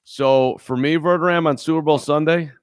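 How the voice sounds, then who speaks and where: A man's voice: a little high, steady tone, moderate pace, smooth, no room sound, studio quality. A man co-hosting a casual sports podcast, telling a rambling story with lots of restarts. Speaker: podcast co-host. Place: in Chicago.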